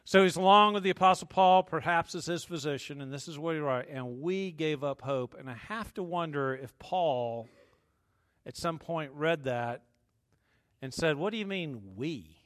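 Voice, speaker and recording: Male pastor, slightly high voice, dynamic sermon delivery with quiet lulls and loud peaks. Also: normal speed, clean tone. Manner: dynamic preaching, swinging from hushed to loud; jokes with the congregation.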